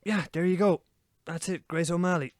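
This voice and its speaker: A man's voice: high voice, normal speed, no echo, studio quality. An Irish man co-hosting a podcast, telling history stories in casual, swearing chat. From Ireland. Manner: swearing, animated storytelling with laughs. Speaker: podcast co-host.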